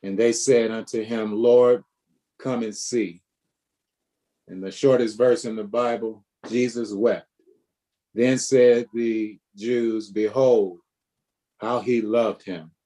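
A man's voice: lowish voice, steady tone, slow, long pauses, dark tone. A man leading a Bible study group, teaching and preaching with repetitions and questions to the group. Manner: preacherly, repeats himself, asks the group questions.

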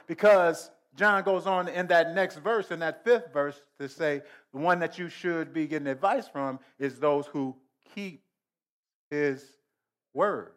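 A man preaching a sermon, slow and emphatic, repeating phrases and swelling into loud rises. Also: on the high side.

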